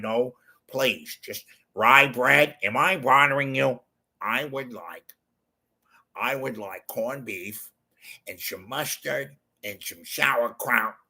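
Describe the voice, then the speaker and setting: A man doing an impression of a polite, rumpled TV detective, slow and hesitant. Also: mid-range voice, bright, forceful tone, exaggerated voice. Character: polite rumpled TV detective ordering food, apologetic.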